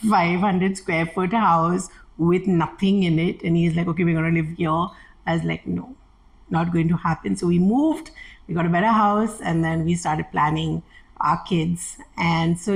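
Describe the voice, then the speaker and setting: Middle-aged woman, low gravelly voice, animated storyteller, voices the people she quotes. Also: rough recording. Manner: animated, acts out quoted dialogue. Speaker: interview guest. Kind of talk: candid personal storytelling.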